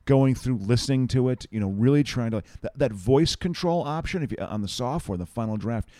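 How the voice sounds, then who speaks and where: A man's voice: medium pitch, animated, fairly quick, mellow, no echo, studio quality. A man co-hosting a casual podcast chat, rambling and restarting his sentences and laughing easily. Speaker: podcast co-host. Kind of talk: casual chat while watching an awards show.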